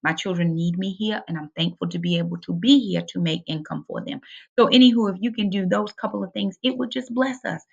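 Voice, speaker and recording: A woman's voice: mid-range voice, brisk, creaky, darkish tone, breathy edge, highs cut off. A middle-aged woman, talking casually and emphatically to camera about her family budget in a vlog, encouraging her viewers. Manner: chatty, emphatic, preachy and encouraging. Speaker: budgeting vlogger, single mom.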